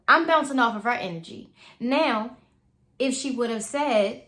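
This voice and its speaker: A woman's voice: fairly high pitch, measured pace, fairly bright tone. A mother talking earnestly in a loose, conversational monologue, sharing advice. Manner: earnest, conversational, speaks in loose repeating phrases.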